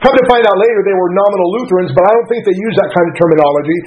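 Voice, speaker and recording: Here a middle-aged pastor recounts his own life on the radio, earnest and folksy, frequently stopping to fix what he just said. He talks rapid-fire in a high, slightly mellow voice, over a rough recording with some hiss or hum.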